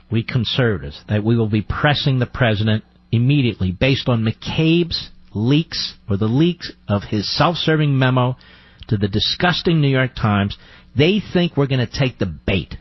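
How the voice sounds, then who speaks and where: Combative talk radio host, husky. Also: male voice, mid-range voice, no room sound, highs cut off. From United States. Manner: combative, sarcastic, rhetorical questions.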